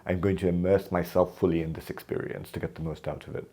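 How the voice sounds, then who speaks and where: Low-voiced man telling lively stories. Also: fast, slightly rough. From Kenya. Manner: animated, acts out quoted dialogue in his stories. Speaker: podcast guest. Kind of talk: conversational interview storytelling.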